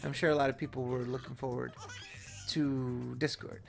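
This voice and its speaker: A man's voice: mid-range voice, little pitch movement, moderate pace, vocal fry, music in the background. A man co-hosting a late-night gaming stream, teasing his friend and joking loosely with plenty of swearing. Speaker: stream co-host.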